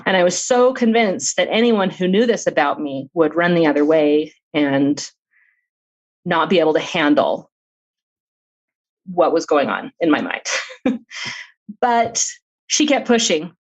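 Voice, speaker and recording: A woman's voice: low-pitched, animated, measured pace, pauses often, highs cut off. A middle-aged woman, an author guest on a podcast interview, telling her personal story in an earnest, open way with light laughs.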